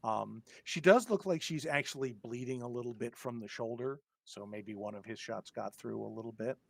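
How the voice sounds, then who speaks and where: A man's voice: medium pitch, normal speed, vocal fry, no echo. Hesitant man narrating as game master. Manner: hesitant, many filler words. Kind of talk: narrating a tabletop horror game.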